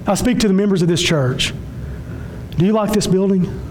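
High-voiced man preaching with passion. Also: normal speed, darkish tone, a little hiss or hum, low-quality recording. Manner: impassioned, repetitive preaching with sudden drops and rises in pitch. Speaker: pastor. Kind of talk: sermon.

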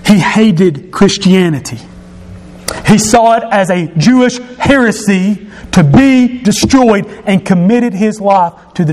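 High, animated preacher man in a reverberant church. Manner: emphatic preaching that swells into shouts. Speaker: pastor. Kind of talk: sermon. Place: church sanctuary. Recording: long reverb of a church hall.

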